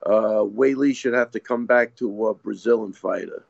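An easygoing man from the US East Coast co-hosting a fight talk show, mostly agreeing with short replies. His voice is gravelly with some vocal fry. The audio is dry and a little dull, like a lo-fi remote feed. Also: fairly low pitch, normal speed, a little mellow, no echo. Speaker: podcast co-host. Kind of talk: casual sports chat.

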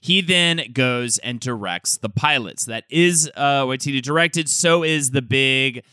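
A man co-hosting a casual chat podcast, telling the story lively with quick asides. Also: mid-range voice, smooth, dry recording. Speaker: podcast co-host.

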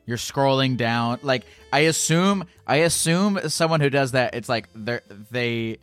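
A man's voice: medium pitch, fairly bright tone, smooth, dry recording, faint music behind. A man hosting a call-in podcast, talking casually with frequent restarts and fillers. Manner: halting, with many restarts and fillers. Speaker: podcast host.

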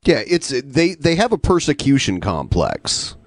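A man's voice: mid-range voice, huge pitch swings, measured pace, no echo, clean studio sound. A man co-hosting a podcast, chatting and laughing easily. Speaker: podcast co-host. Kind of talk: casual chat.

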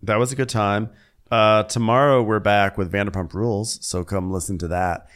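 A man's voice: lowish voice, steady tone, normal speed, a bit bright. A man co-hosting a comedy podcast, recapping a reality show casually, laughing often and mimicking the cast. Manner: laughs often, mimics people in raised voices. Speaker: podcast co-host.

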